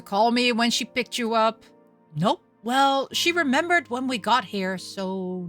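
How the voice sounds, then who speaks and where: A woman reading a visual novel aloud, softly narrating and breaking in with loud, excited asides. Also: on the high side, a little slow, faint music behind. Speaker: game streamer.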